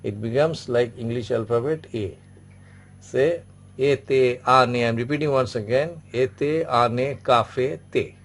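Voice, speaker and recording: A man's voice: medium pitch, slow. A man teaching an online French class, patiently repeating each word and example several times. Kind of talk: online language lesson.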